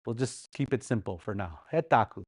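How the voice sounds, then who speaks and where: A Dakota language teacher from Sioux Valley runs a livestreamed class from a classroom, pacing around as he teaches in a playful style and repeating words so students can practise. His mid-range voice is expressive, brisk and slightly rough, captured in a dry, studio-quality recording.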